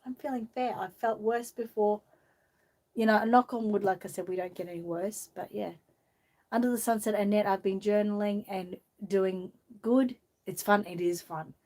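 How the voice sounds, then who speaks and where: A woman's voice: mid-range voice, fairly even intonation, moderate pace, darkish tone. An Australian woman hosting a casual live stream, reading viewer comments aloud and coaxing a doll in a fond sing-song voice, laughing often. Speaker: vlog host.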